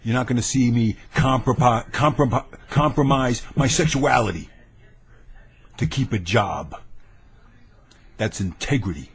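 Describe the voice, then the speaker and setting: A man's voice: mid-range voice, a little slow, long pauses. A man venting angrily into his webcam, combative and boastful, hammering his points with repeated phrases. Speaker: vlogger ranting to camera. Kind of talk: angry webcam rant. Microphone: webcam mic.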